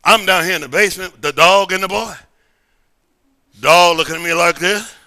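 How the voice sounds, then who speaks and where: A middle-aged man pastor preaching a sermon in a church service, emphatic and repetitive, swinging between sudden shouts and quiet asides. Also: sits high, normal speed. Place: church sanctuary during a service.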